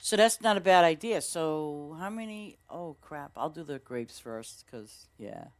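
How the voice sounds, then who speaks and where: Slow-talking excitable woman streamer. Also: deep voice, no echo. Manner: excitable, chatty, exclaims often and talks to viewers. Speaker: gaming streamer. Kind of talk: casual gameplay commentary.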